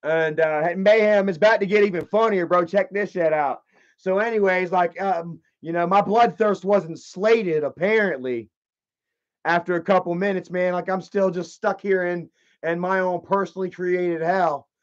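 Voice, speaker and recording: A man streaming live, telling a story in a casual, rambling way, with lots of profanity and animated energy. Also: sits high, moderate pace. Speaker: livestreamer. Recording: slightly dull lo-fi stream audio.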